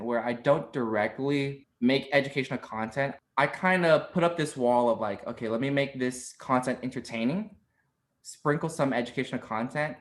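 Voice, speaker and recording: A man in his twenties talks as a podcast guest, telling stories with animated energy and ready laughter. His pitch sits in an ordinary middle range. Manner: animated storyteller, quick to laugh. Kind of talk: casual interview chat.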